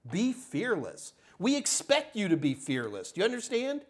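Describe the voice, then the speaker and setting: A man's voice: high voice, wildly swooping pitch, normal speed. An older man hosting a live tech Q&A, answering chat questions in a blunt, emphatic, ranting way. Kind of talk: live Q&A stream.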